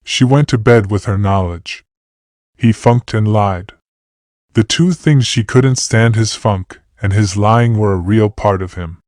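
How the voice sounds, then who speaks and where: A man narrating a classic novel as a calm, measured sleep audiobook. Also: lowish voice, no room sound, clean studio sound. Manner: steady, measured reading.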